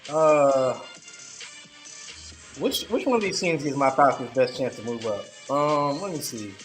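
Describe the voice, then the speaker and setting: A man's voice: medium pitch, lively intonation, measured pace. A man with a mid-range voice makes his picks hesitantly on a casual sports talk panel, trailing into mumbles. Faint music plays behind him.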